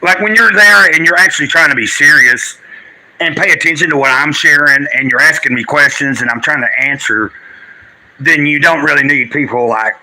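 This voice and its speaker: Teary guy on a livestream, bright sharp voice, rambling and preachy, talking to chat. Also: a little high, moderate pace, poor audio. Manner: rambling, earnest, preachy in spells, addresses chat. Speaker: live streamer. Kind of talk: casual livestream chat with spiritual musings.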